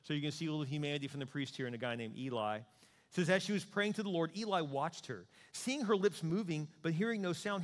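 A man preaching a sermon as a pastor, animated, acting out the voices of God and of people praying. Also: high-pitched. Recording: long hall reverb.

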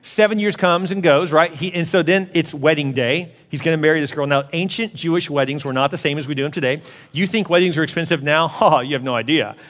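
A man in his forties preaching a sermon as a pastor, telling the story in an animated way and acting out the voices. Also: on the high side, quick pace, big-room sound. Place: church auditorium.

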